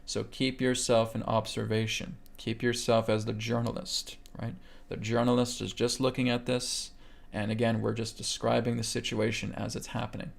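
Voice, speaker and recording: Calm gravelly man guiding a meditation. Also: mid-range voice, normal speed. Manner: calm guiding delivery, keeps checking in with "okay?"; talks listeners through breathing steps. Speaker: meditation instructor. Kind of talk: live webcast teaching a healing technique.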